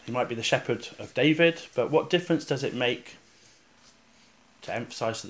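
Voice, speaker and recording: Male preacher, sermon-style guided meditation, calm and reflective, unhurried with pauses, hushed on recited verses. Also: mid-range voice. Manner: calm and reflective, with slow pauses, dropping soft on repeated verses.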